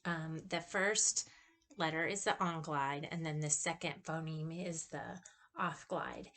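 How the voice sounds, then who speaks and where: Slow, careful woman explaining vowels. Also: deep voice, fairly bright tone. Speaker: student presenter. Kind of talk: recorded class presentation.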